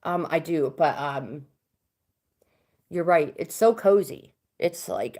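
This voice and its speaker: A woman's voice: sits low, a little slow, warm tone. Middle-aged woman, chatty livestream host reading cards, casual. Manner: chatty, reads viewer comments aloud. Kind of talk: casual live chat.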